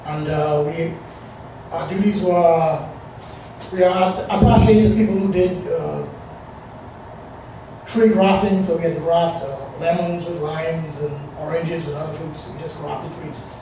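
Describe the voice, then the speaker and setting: A man's voice: fairly high pitch, steady tone, a little slow, warm tone, slight background noise. Rambling man in an echoey room. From Bahamas. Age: 40s. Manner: rambling, conversational, with many fillers. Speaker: storyteller. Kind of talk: live personal storytelling. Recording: echoey room, distant mic.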